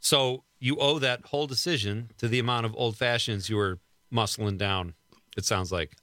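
A man's voice: mid-range voice, normal speed, sharp tone, no echo, studio quality. A man hosting an interview show, asking questions in a joking, chatty way. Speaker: show host. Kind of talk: casual interview.

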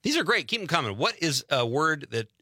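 Casual Wisconsin radio host, bright voice on a dry close mic, chatty with listeners. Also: male voice, on the high side, very animated, a little fast, slightly rough, no room sound. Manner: chatty, reads listener messages aloud. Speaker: radio talk show host. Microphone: studio mic.

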